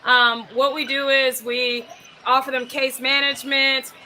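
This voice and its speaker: A woman guest explaining her organization clearly in a casual interview. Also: high voice, flat delivery, a little slow, pushed and bright, a little hiss or hum, low-quality recording. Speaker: guest from a veterans charity.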